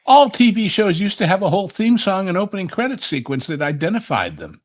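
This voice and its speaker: A man's voice: high-pitched, big pitch swings, brisk. A man on a panel discussion, talking in a conversational way and explaining his points through anecdotes. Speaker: panel guest.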